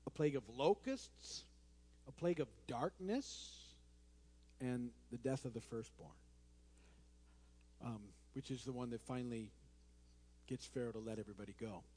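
A man's voice: medium pitch, moderate pace, long pauses, warm tone. A male pastor preaching a sermon in a conversational way, with restarts and friendly asides. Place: church sanctuary. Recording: long hall reverb in a church.

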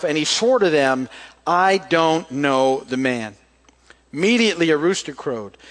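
A man preaching a casual sermon, retelling scripture as a story and reading passages aloud, often dropping softer for quoted lines. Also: sits high. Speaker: pastor.

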